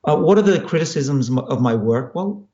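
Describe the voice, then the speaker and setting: A mid-range, warm, expressive male voice moves at a moderate pace as a scientist guest in his fifties explains his research while fielding audience questions. He's Australian with some American-sounding turns, thoughtful and explanatory, with frequent restarts. The room echoes and the sound is muffled.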